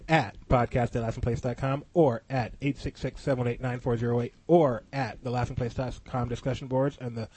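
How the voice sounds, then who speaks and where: A man's voice: mid-range voice, steady tone, fairly quick, few pauses, a little mellow, slightly rough. A man hosting a casual podcast, reading sponsor plugs and chatting with a light laugh. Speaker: podcast host.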